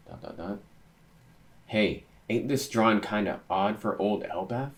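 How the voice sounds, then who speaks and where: A young man with a deep, low voice reads a comic chapter aloud and reacts as he goes. He talks casually, thinks out loud and gets excitable at each new panel. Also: measured pace. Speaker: manga reaction host.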